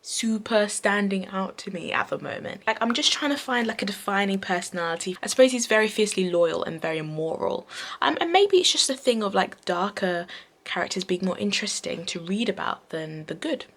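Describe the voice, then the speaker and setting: A young woman chatting casually in a reading vlog, rambling with many fillers and quick asides. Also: mid-range voice, lively intonation, a bit bright. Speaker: book vlogger. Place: bedroom at night.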